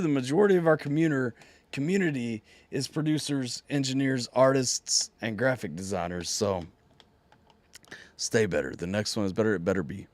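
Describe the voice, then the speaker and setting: A man hosting a live music reaction stream, hoarse and nearly voiceless, chatting casually with his viewers and reading out their messages. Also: mid-range voice, dry recording. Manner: chatty, talks straight to viewers, reading out chat.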